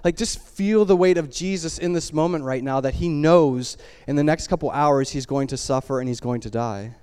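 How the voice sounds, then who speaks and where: A man preaching a sermon, retelling a story in a casual, conversational way full of "like" and restarts, dropping low and quiet at solemn moments. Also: moderate pace, smooth, big-room sound.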